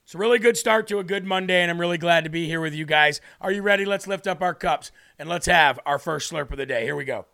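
A man's voice: on the high side, vocal fry, bright, forceful tone. A man hosting a live show, leading a prayer and then giving combative, emphatic political commentary. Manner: combative, emphatic, drawn-out delivery. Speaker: host.

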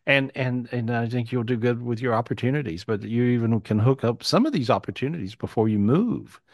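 A man's voice: mid-range voice, animated, fairly quick, no echo. Chatty man giving readings, dry sound. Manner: chatty, reassuring, repeats himself. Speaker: psychic host. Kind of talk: live video-call reading. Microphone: video call.

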